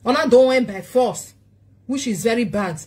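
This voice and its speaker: Husky Nigerian woman pleading. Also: on the high side, expressive, moderate pace, darkish tone. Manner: pleading, repeats short questions. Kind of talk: casual pleading monologue.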